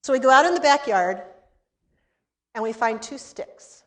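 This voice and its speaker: High-voiced woman telling a story in a lecture. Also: moderate pace. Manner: animated storytelling, acting out dialogue. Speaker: seminary lecturer.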